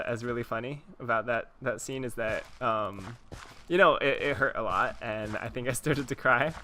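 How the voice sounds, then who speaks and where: A man's voice: medium pitch, sharp tone, a little hiss or hum. A man in his twenties hosting a game video, chatting casually and chuckling as he tells stories to his viewers. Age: 20s. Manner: rambling and chuckling, talks to viewers. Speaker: Minecraft let's-play host. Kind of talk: casual commentary while gaming.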